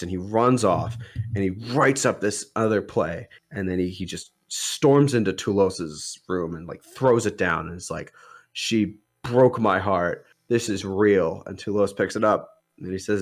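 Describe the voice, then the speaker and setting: On a podcast, a young male co-host with a low-pitched, unhurried voice rambles through a retelling of a movie plot in casual discussion, leaning heavily on "like" and "um."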